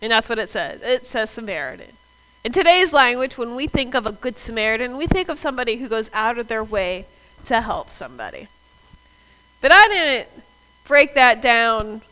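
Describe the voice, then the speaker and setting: A woman's voice: fairly high pitch, sharp tone, low-quality recording. A woman preacher, preaching a sermon in a conversational way and talking straight to the congregation. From US South. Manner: conversational, addresses the congregation directly.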